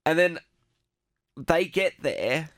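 A man's voice: on the high side, slow, fairly bright tone, no room sound, studio quality. A young adult man co-hosting a casual film review podcast, retelling scenes in a rambling way full of "like". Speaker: podcast co-host.

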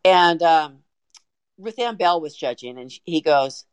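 A woman guest on a podcast, telling a story in an excited, animated way with frequent restarts. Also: low voice, takes it slowly, clean tone, dry recording. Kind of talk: casual storytelling.

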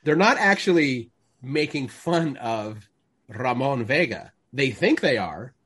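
A man's voice: mid-range voice, very animated, takes it slowly, fairly bright tone, slightly rough. A man co-hosting a podcast in casual chat, a jokey storyteller who acts out movie lines. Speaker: podcast co-host.

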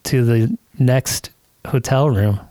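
A man's voice: mid-range voice, takes it slowly, mellow, dry recording. A man co-hosting a podcast who tells a story in casual chat, swearing often and laughing as he goes. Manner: profane, laughing while telling a story. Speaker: podcast co-host. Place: podcast studio.

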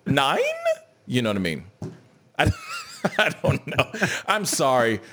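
Animated man hosting a live news chat. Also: medium pitch, takes it slowly, noisy background. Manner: animated, joking, greets viewers and reads chat aloud. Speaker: show host.

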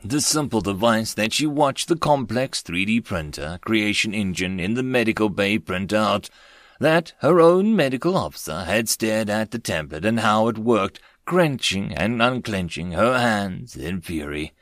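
A man narrating a web-novel audiobook in an expressive storytelling manner, close to the mic. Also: lowish voice, unhurried, no room sound.

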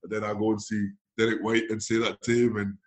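Animated man telling a football story. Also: lowish voice, quick pace. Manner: animated, acts out dialogue with laughs. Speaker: former footballer. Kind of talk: casual anecdote telling.

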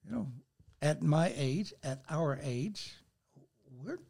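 An older man with a high, creaky voice speaks slowly as a guest on a faith talk show. His manner is earnest and animated, and he quotes scripture as he shares.

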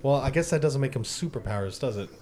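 A man's voice: mid-range voice, animated, fast talker, a little mellow. A man in casual podcast chat, a salesman who tells stories and trails off into restarts. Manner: chatty storyteller, trails off and restarts.

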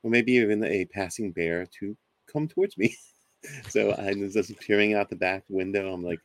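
A man in his forties casually telling a ghost story as a guest, animated and acting out other people's voices. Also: on the low side, moderate pace, no room sound. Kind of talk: casual storytelling on a talk show.

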